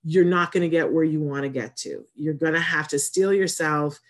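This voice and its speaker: A woman's voice: deep voice, normal speed. A woman hosting an autism community show, talking to viewers in a casual, rambling way, often breaking off her sentences and then bursting out with emphasis. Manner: rambling and warm-hearted, with frequent self-interruptions. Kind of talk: casual chatty monologue to viewers.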